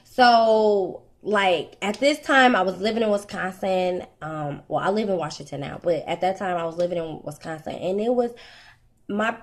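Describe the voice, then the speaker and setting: A woman's voice: medium pitch, moderate pace. A young woman casually telling her viewers a personal story in a rambling, chatty way, with many fillers and restarts. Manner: candid and conversational, addresses viewers directly. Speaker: vlogger.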